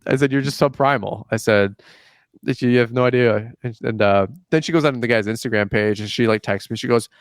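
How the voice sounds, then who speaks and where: A man's voice: mid-range voice, a little fast, dry recording, studio quality. A young man hosting a podcast, telling a story in casual chat and acting out the dialogue with lots of "like". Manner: animated storyteller, acts out dialogue, says "like" often. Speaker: podcast host.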